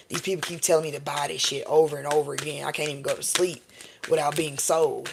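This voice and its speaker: A tarot reader talking through a live-stream reading in a loose, rambling way, swearing freely and often asking "okay?" and "all right?". The voice sits at a middling pitch, with a faint hiss of noise underneath. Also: little pitch movement, brisk, creaky. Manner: casual, profane and rambling.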